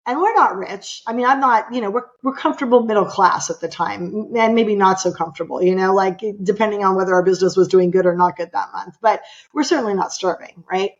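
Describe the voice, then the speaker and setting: A woman's voice: medium pitch, fairly quick, highs cut off. A middle-aged woman from California, a podcast guest telling a personal story with emphatic, impassioned delivery. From California, USA.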